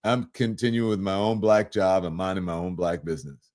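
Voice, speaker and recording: Animated man hosting a political talk show. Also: sits low, a little fast. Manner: animated, laughing, conversational, reads viewer comments aloud. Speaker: host. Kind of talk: political commentary livestream.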